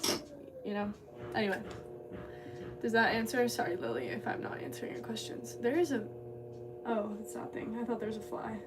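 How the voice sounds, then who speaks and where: A woman's voice: a little high, a little fast, long pauses, music in the background. A woman ceramic artist chatting casually with her livestream viewers while she works in her studio, scattered and talkative. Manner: chatty, scattered, talks to chat while working. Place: pottery studio. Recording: distant mic with clear background noise.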